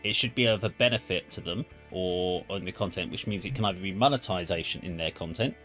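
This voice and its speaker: Man, very deep voice, thoughtful rambling commentary, faint music behind. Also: fairly quick, a bit bright. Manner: thoughtful, rambling, self-correcting. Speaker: music reaction channel host. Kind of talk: casual spoken commentary.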